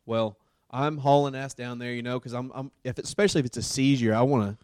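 Animated man telling a work story. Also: medium pitch, quick pace, smooth, no echo, clean studio sound. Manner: animated, lots of fillers like dude and man. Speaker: paramedic and podcast host. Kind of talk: casual storytelling chat.

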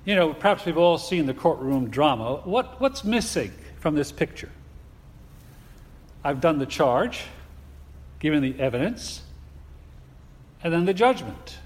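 A man preaching a sermon in a deliberate, emphatic way, asking his listeners rhetorical questions. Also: fairly high pitch, husky. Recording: long hall reverb.

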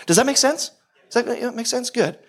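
A man's voice: very high voice, animated, brisk, breathy edge. A middle-aged man preaching a sermon as pastor, intense and emphatic, firing off rhetorical questions to the congregation.

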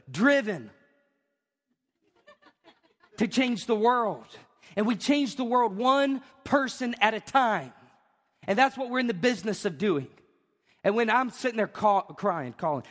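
A man, preaching a sermon as pastor, emphatic and emotional, with repeated questions and rising shouts. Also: high-pitched. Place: church sanctuary. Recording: long reverb of a church hall.

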